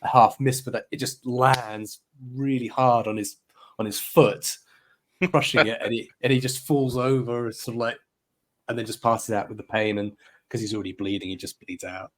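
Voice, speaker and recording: Man, tabletop player, mid pitch, hesitant, thinking aloud. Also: steady tone, moderate pace. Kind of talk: casual play at a tabletop game.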